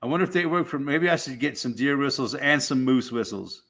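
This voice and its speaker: A middle-aged man chats on his live stream in a loose, rambling way, swearing freely. His voice has a bright, forward edge at an ordinary male pitch. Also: animated, a little fast, creaky. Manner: rambling, profane, laid-back. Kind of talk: casual live stream chat.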